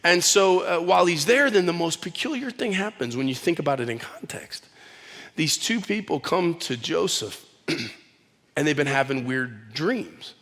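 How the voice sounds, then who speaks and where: Animated male pastor in a big hall. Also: a little high, moderate pace. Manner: animated, conversational storytelling with casual slang. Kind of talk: sermon. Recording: long hall reverb.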